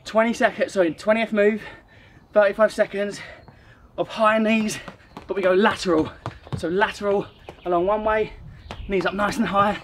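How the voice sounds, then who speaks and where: A man's voice: high voice, fairly even intonation, moderate pace, a bit bright, a little hiss or hum. A man with a British accent, out of breath, coaching a home workout and calling out moves with energy. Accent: British English. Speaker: fitness coach. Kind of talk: workout instruction.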